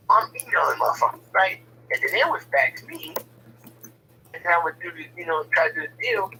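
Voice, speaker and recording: A man's voice: fairly high pitch, very animated, brisk, vocal fry, pushed and bright, recorded from a distance, slight background noise, rough recording. A man telling a personal story in casual, blunt, profane talk, often stumbling and repeating words as he starts a sentence.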